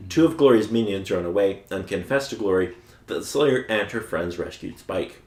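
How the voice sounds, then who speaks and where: A man's voice: lowish voice, animated, moderate pace, a little mellow, roomy sound. A man co-hosting a podcast, recapping a show's plot in casual chat and chuckling often as he goes. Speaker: podcast co-host recapping episodes.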